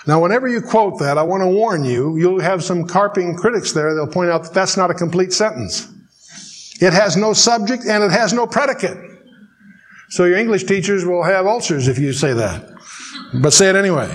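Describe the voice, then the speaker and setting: Man teaching scripture, fairly high voice. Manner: reads scripture slowly, then explains in dry joking asides. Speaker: Bible teacher. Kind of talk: verse-by-verse Bible teaching.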